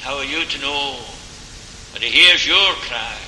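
A man preaching a sermon in a slow, earnest way, pressing his hearers with rising questions and closing in prayer. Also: mid-range voice, lively intonation, sharp tone, slight background noise. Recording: echoey hall, faint room ambience.

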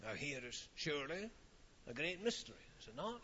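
A man preaching a sermon in a slow, solemn manner, with dramatic pauses and phrases that fall away softly. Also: on the high side, sing-song, a little hiss or hum. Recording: old lo-fi recording in a reverberant hall.

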